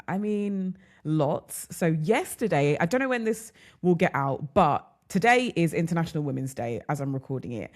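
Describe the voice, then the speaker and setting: A woman's voice: low voice, a little mellow. A woman hosting her own solo podcast, chatting in a casual, personal way and calling her listeners girl and ladies. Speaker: podcast host. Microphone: studio mic.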